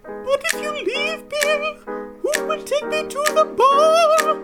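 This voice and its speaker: A man voicing a lovesick, clingy female manatee in a comedic sketch parody, in a pleading warbly falsetto. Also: little pitch movement, takes it slowly, over loud music.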